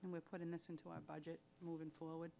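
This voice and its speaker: A woman's voice: low-pitched, level tone, fast, vocal fry, dark tone, a little hiss or hum. A woman on a town board asking brief questions at a meeting. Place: town hall meeting room.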